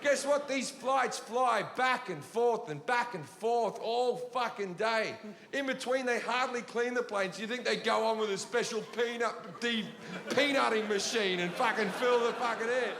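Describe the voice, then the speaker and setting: Ranting comedian live on stage. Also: male voice, very high voice, a little slow, fairly bright tone. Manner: profane, blunt, ranting storytelling. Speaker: stand-up comedian. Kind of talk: stand-up comedy routine. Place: large venue before a laughing audience. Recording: live show in a reverberant hall with audience noise.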